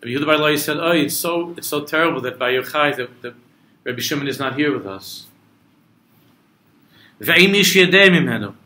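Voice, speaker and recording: Bright-voiced rabbi in an echoey space. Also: male voice, mid-range voice, fast. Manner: explains text line by line, mixing in Hebrew and Aramaic quotations; builds to impassioned emphasis. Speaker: rabbi teaching a class. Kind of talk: Torah lecture to a travel group.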